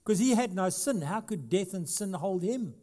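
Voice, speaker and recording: With a high-sitting voice, lively intonation and a moderate pace, a middle-aged man preaches as a pastor. He moves between loud emphasis and quiet asides, asks the congregation questions and keeps the humor light.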